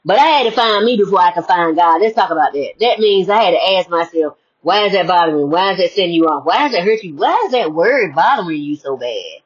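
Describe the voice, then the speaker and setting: Husky woman preaching in a lo-fi recording. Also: lowish voice, lively intonation, fast, few pauses. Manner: preachy, conversational, asks rhetorical questions. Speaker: motivational speaker. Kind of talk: spiritual sermon-style talk. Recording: dull lo-fi recording.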